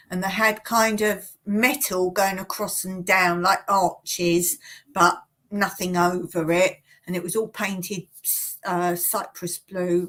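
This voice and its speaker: Slow-talking giggly woman. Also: lowish voice, a bit bright. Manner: giggly, chatty, often laughing at herself. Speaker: livestream host. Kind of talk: casual livestream chat. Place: home in rural Cyprus.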